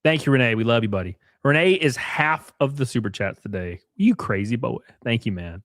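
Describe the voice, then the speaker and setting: A man's voice: mid-range voice, expressive, a little fast, fairly bright tone, no echo, clean studio sound. Blunt, profane male streamer. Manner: profane, blunt, reads out viewer messages. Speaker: livestream host. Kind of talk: casual livestream chat.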